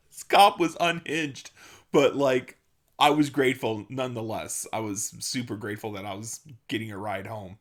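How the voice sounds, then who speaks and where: A young man tells a story from his school days in a relaxed, rambling way. His voice sits at a middle pitch, and he often breaks into laughter and stumbles over his words as he acts out the people in the story. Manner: laughs often, halting restarts, animated quoted dialogue. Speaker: channel host. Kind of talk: casual storytelling.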